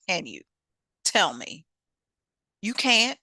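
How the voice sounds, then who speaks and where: A woman hosting a motivational self-help talk, lively and preachy, with casual speech. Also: fairly high pitch, unhurried, no room sound. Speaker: host.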